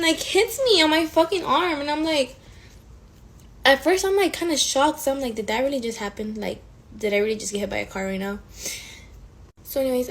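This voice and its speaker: A woman's voice: high-pitched, rough recording. Profane, chatty young woman telling a story. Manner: profane, animated, frequent fillers. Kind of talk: casual storytime vlog.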